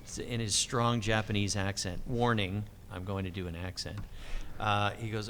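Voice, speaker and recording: A middle-aged man, a voice actor telling stories at a convention interview, animated and acting out quotes with lively swings in pitch. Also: moderate pace, hardly any pauses, big-room sound. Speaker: voice actor guest.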